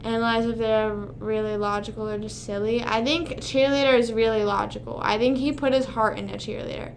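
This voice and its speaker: A woman's voice: on the high side, steady tone, brisk, hardly any pauses, slight background noise. A young woman hosting a casual livestream, rambling to her chat and swearing often. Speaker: livestream host.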